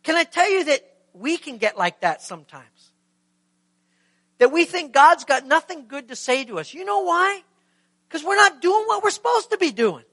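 A middle-aged male pastor delivering a sermon with a high, bright and ringing voice. He tells a story emphatically and keeps asking his listeners questions. The sound is dry and close, with no room around it. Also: very animated, normal speed, dry recording.

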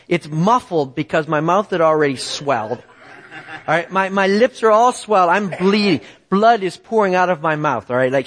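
With a high voice, a middle-aged man delivers a sermon built around a personal story. He tells it animatedly and keeps checking in with his audience.

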